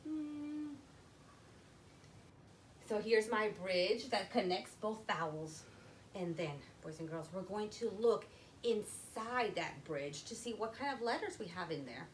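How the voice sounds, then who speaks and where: Woman teacher, phonics lesson for kids, slow step-by-step talk, lively pitch, faint background hiss. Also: poor audio. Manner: slow, step-by-step, addressing children. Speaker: literacy teacher.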